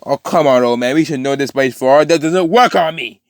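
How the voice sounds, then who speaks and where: A man's voice: fairly high pitch, moderate pace, dry recording, clean studio sound, lightly acted. Carnage, a man putting on a taunting alien villain. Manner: taunting, condescending. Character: sadistic male alien symbiote villain, mocking.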